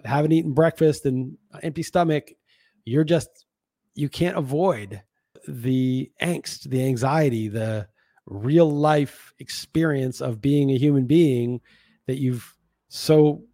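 A man's voice: a little high, warm tone, dry recording, clean studio sound. A man hosting a podcast, talking through a reflective solo monologue in a frank, musing way with casual swearing. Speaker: podcast host.

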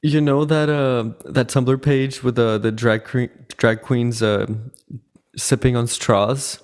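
Slow, unhurried podcast co-host, chatty, laughing easily, middle pitch. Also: steady tone, darkish tone. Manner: laughs often, meandering with fillers. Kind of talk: casual chat.

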